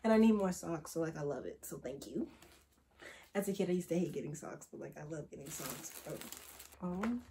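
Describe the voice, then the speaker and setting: Excitable teen girl gushing over gifts. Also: low-pitched, moderate pace, slight background noise. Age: teens. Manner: excitable, gushing, slangy, swings to hushed gasps. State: tearful at moments. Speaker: vlogger. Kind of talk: casual unboxing vlog.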